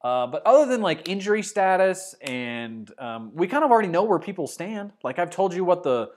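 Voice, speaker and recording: A man's voice: high voice, big pitch swings, normal speed, a little mellow. A man in his fifties hosting a sports talk show, speaking casually with fillers and restarts. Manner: conversational, with frequent fillers and restarts.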